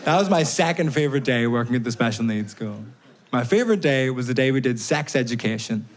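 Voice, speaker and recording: A man doing a stand-up routine, telling stories in a deadpan way with timed pauses, on stage at a live comedy venue. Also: mid-range voice. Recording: live show recording with audience noise.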